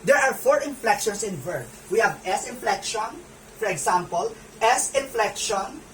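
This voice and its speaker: A woman's voice: mid-range voice, expressive, normal speed, fairly bright tone, recorded from a distance, slight background noise, low-quality recording. A woman with a Filipino accent teaching a grammar lesson. She repeats key points, spells out letters and keeps checking in with "okay?".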